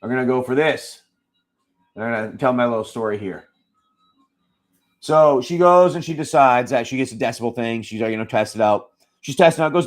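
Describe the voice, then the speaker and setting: A man hosting a live card-pack stream, chatting casually, telling a story with quoted lines, swearing freely and talking loudly. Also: medium pitch, fast talker. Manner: loud, swears freely, tells stories with quoted dialogue. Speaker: live card-break seller. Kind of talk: casual chat while opening card packs.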